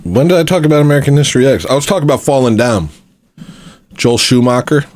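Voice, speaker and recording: A man's voice: medium pitch, animated, quick pace, a little mellow, no echo. A man hosting a casual livestream, rambling and joking, reading out viewer messages and slipping into little rhymes. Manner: rambling, joking, slips into rhyming riffs; reads out viewer donations. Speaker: livestream host.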